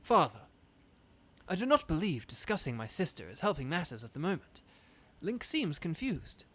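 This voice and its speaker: A man voicing an earnest young fish prince in a video game, speaking in an even, measured way. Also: on the high side, slight background noise. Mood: calm.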